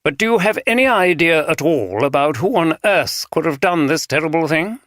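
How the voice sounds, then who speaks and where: A man's voice: on the high side, expressive, normal speed, fairly bright tone, no room sound, studio quality, voice pushed up. A man voicing a cold, very precise male archdeacon with a refined RP accent. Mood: cool. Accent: RP English.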